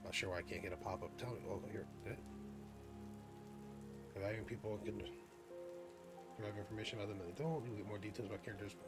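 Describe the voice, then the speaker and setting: A man's voice: on the low side, fast, pauses often, over loud music. A man giving chatty gameplay commentary, thinking aloud and poking fun at himself. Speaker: gaming video host.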